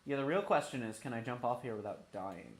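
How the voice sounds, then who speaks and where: Game music plays behind a man's brisk, expressive commentary as he live streams a game. His medium-pitched voice sounds roomy, and he rambles, jokes, and swears mildly.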